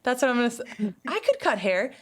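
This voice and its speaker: A woman's voice: fairly high pitch, quick pace. Chatty, laughing middle-aged woman. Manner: chatty storyteller, laughs often, animated quoted voices. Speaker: podcast co-host. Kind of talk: casual chat.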